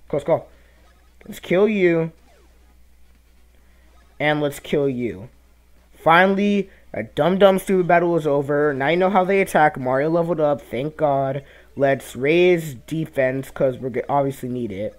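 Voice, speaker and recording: A young man giving casual gameplay commentary, reacting loudly to the game and muttering asides. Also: a little high. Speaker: let's play commentator.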